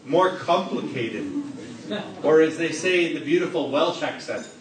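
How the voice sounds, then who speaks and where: In a big hall full of listeners, a man with a fairly high voice preaches at a measured pace, teasing and quizzing people in the room. The audio sounds far off, noisy, and echoey.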